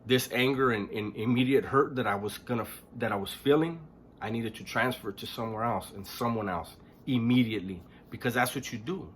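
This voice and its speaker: A man recounting a painful memory in a casual, halting way, restarting sentences, clearing his throat and swearing bluntly. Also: mid-range voice, a little hiss or hum. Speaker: storyteller recounting his past. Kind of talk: casual spoken storytelling.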